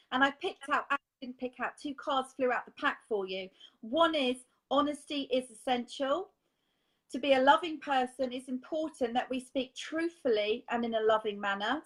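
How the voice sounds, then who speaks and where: A woman's voice: high-pitched, low-quality recording. Affectionate woman medium. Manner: warm, affectionate, relays spirit messages. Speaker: psychic medium. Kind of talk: live spirit reading.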